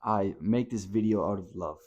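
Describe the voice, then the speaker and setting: A man giving a motivational talk to camera, blunt and impassioned, swinging from hushed to loud and swearing casually. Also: lowish voice, moderate pace, dull audio. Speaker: motivational speaker.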